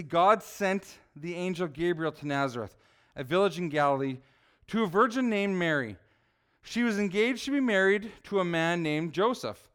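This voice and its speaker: A middle-aged man preaching in a relaxed, conversational way. His voice sits high for a man and sounds smooth and clear. He keeps asking the congregation questions and acts out little scenes. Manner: conversational, asks the audience questions, acts out people. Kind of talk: casual sermon.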